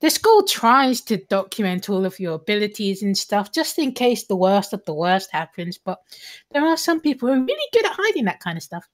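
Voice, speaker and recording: A squeaky, chirpy teenage schoolgirl from the student council, as a woman game master puts her on. Her voice bounces up and down a lot as she talks, bright and a little cartoonish. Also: sing-song, brisk, close to an everyday voice. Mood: explaining. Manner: squeaky high voice.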